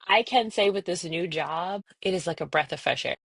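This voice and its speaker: A woman co-hosting a casual chat podcast, an animated storyteller who acts out other people's voices. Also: lowish voice, normal speed, gravelly, breathy edge. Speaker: podcast co-host. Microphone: podcast recording.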